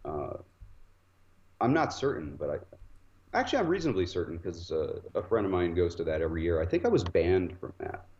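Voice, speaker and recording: A man telling an animated anecdote in casual conversation, acting out quotes as he goes. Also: low voice, fairly quick, dull audio. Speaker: guest author. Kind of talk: casual storytelling.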